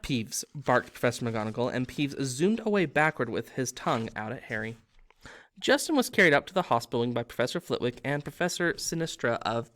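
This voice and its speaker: Man narrator reading a storybook aloud, mid-pitched, relaxed, chatty asides. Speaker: reader.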